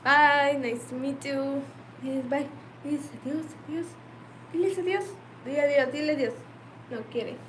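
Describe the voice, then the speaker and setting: A woman coaxing a baby softly in casual talk, often off-mic. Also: high voice, moderate pace, a little hiss or hum, poor audio.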